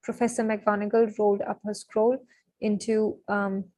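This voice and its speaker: A young woman reading a novel aloud on a live stream. She is excitable and chatty, breaking off often with fillers and apologies. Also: medium pitch, moderate pace, no room sound, rough recording. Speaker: live-stream book reader.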